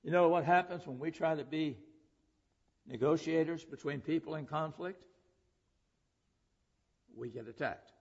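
A man's voice: a little high, unhurried, pauses often, a little mellow. A man preaching a sermon, earnest, who often asks the listeners questions. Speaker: preacher and public school teacher. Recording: dull lo-fi sound with long hall reverb.

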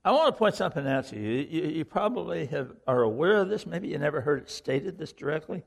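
A man's voice: on the high side, big pitch swings, fast talker, creaky, long reverb tail. A man preaching a sermon to a congregation, earnest and questioning, repeating key lines for emphasis. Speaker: pastor.

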